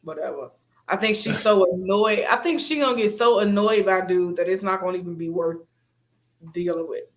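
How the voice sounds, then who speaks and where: Measured, thoughtful recap co-host. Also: mid-range voice, steady tone. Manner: thoughtful, measured, hesitant fillers. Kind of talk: casual TV recap chat.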